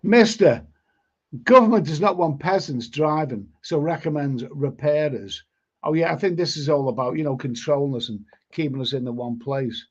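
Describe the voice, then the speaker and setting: A man's voice: a little high, moderate pace, husky. A man hosting a live stream, chatting casually and reading out viewer comments, often stumbling and repeating words. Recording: lo-fi stream audio.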